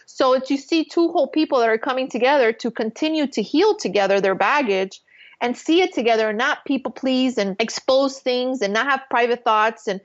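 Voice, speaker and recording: A woman's voice: high voice, brisk, lo-fi sound. Earnest, emotional woman telling her story. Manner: earnest, emotional, spiritual storytelling with many fillers. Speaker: podcast guest. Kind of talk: casual interview storytelling.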